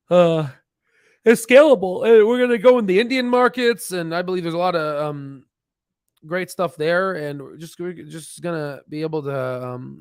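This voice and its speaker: A man's voice: fairly high pitch, clear, resonant tone, no room sound, studio quality. A tired man hosting a casual livestream about stocks, rambling with lots of restarts. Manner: rambling, many restarts and fillers. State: tired, yawning. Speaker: stock channel host.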